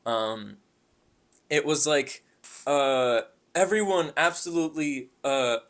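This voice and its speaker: A man's voice: on the high side, slow pace, a bit bright. Rambling young man chatting casually. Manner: rambling, tangent-prone storytelling with profanity. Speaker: podcast co-host. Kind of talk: casual chat.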